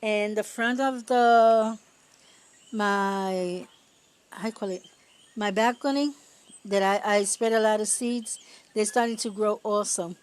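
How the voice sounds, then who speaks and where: A woman talking her way through a casual garden vlog outdoors, chatty and rambling, laughing often and pausing to search for words. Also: medium pitch, steady tone, clear, resonant tone. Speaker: home gardener.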